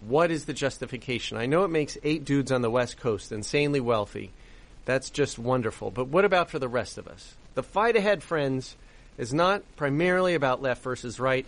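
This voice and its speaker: A man's voice: medium pitch, lively intonation, normal speed. A man hosting a commentary show, indignant and emphatic, asking rhetorical questions. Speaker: podcast host. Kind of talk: commentary monologue.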